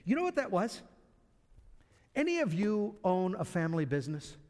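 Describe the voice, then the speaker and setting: A man's voice: sits high, sing-song, normal speed, a little mellow. A man preaching a sermon in a conversational way, often repeating words as he restarts. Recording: reverberant hall.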